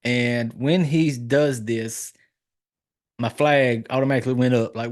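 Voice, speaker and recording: A man talking loosely and profanely about a film, his voice at an ordinary middle pitch. He keeps jumping up in pitch to act out lines from the movie. It sounds like casual podcast chat with a married guy. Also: steady tone, unhurried. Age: adult, married. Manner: loose, profane storytelling, acting out lines in a raised voice. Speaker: podcast host reviewing a horror film.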